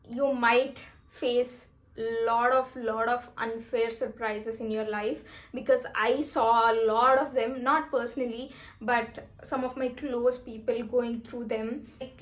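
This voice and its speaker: A woman, talking through life lessons in a casual vlog, chatty and emphatic, sometimes while eating. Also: fairly high pitch. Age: 20s. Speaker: vlogger.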